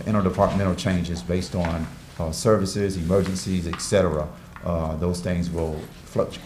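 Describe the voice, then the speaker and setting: A man, the city manager, presenting a budget at a city meeting in a measured, hesitant way with many fillers. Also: deep voice, darkish tone. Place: city commission chamber. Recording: echoey council chamber, faint noise.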